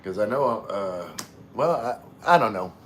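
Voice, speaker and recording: Man, lower pitch, livestream host, halting and filler-heavy, relaxed viewer chat. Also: a little hiss or hum. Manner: halting, full of fillers and restarts. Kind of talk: casual live chat with viewers.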